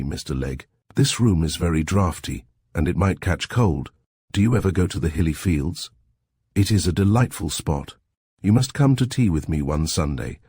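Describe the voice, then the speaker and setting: A man voicing a mild-mannered, sly investigator who murmurs and gently mocks. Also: low-pitched, husky, no room sound, studio quality. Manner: soft, murmuring, gently mocking. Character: mild, sly, dryly ironic male investigator.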